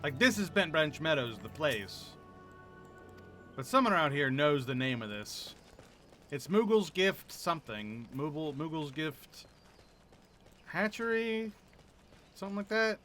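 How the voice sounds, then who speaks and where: A man's voice: a little high, fairly bright tone. A man streaming a game, musing and chatting casually, often trailing off mid-thought.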